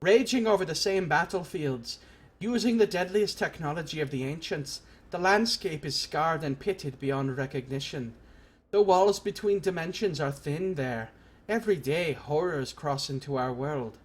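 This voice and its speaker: A man's voice: a little high, moderate pace, close to an everyday voice. A man voicing an earnest young armored woman recruiter in a put-on accent while reading game dialogue aloud.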